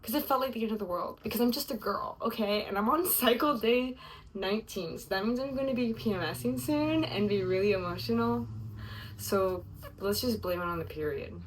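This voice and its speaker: A woman's voice: mid-range voice, a little fast, far from the mic, a little hiss or hum, rough recording. A young woman sharing a casual, confessional video diary, emotional and rambling, her thoughts full of "like". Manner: emotional, rambling, heavy use of "like". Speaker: vlogger.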